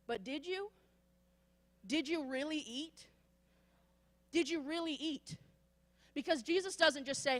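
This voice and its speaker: A woman's voice: high-pitched, slow, pauses often. Woman preaching in an echoing church. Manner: conversational, acts out quoted excuses. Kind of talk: sermon. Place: church sanctuary. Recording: long church hall reverb.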